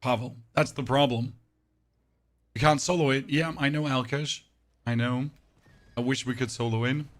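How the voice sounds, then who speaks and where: A hoarse-voiced man chats casually with his stream audience while playing. His voice is worn nearly away and sits at an ordinary, mid-range pitch. He speaks in a flat, unemphatic monotone. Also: normal speed, pauses often. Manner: talks to chat with frequent "right?". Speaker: game streamer.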